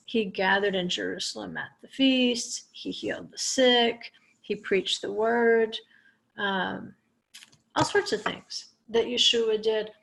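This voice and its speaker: A woman's voice: mid-range voice, fairly even intonation, slow pace, creaky, a bit bright. A woman teaching a Torah portion lesson, explaining Hebrew words step by step with small restarts. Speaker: Bible teacher.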